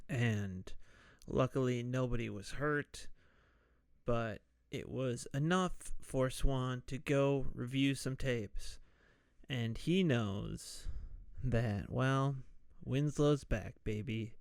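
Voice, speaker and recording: A man hosting a podcast, casually retelling a movie's plot in a loose, rambling way and slipping into quick voices for the characters. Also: mid-range voice, creaky, a little mellow, smooth, dry recording, studio quality. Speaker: podcast host.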